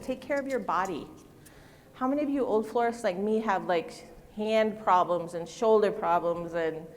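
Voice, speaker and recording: A middle-aged woman giving a live floral design demonstration on stage, chatty and self-deprecating, joking with her audience. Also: fairly high pitch. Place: stage in a large convention hall. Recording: long hall reverb.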